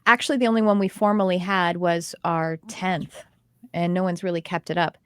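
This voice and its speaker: A middle-aged woman hosting a casual chat, telling animated stories full of quoted dialogue. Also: lowish voice, normal speed, smooth, no echo. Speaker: host, intuitive development teacher.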